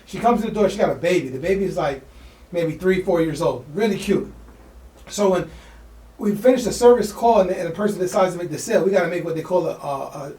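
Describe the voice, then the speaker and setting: A man co-hosting a podcast, telling a story in a fast, slangy, animated way and acting out the voices of people in it. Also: high voice. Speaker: podcast co-host. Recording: echoey room, mic at a distance.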